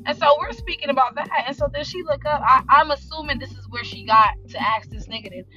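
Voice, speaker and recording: A woman from South Central hosting a podcast, telling a work story in animated, slangy, unfiltered casual chat and acting out her coworkers' lines. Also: sits high, quick pace, dull audio, soft background music. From South Central Los Angeles. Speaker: podcast host.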